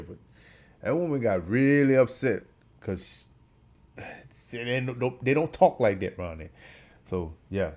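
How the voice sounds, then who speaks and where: A man hosting a reaction video who talks in a laid-back, chatty way with slang. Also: fairly low pitch. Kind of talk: casual reaction commentary.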